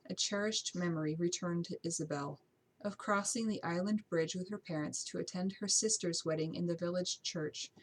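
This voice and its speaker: Husky low-voiced woman narrator. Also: low-quality recording. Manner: steady reading with occasional slips and restarts. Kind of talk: amateur audiobook narration.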